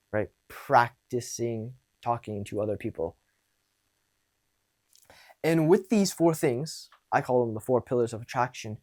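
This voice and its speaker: A man's voice: mid-range voice, darkish tone. A young man coaching on dating and social skills in a casual monologue, blunt and profane, acting out exchanges as he talks.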